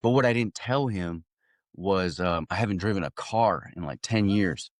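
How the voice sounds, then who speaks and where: A man's voice: deep voice, moderate pace, dry recording, clean studio sound. A young adult man, an actor guest, telling a story casually and animatedly, laughing often and restarting sentences.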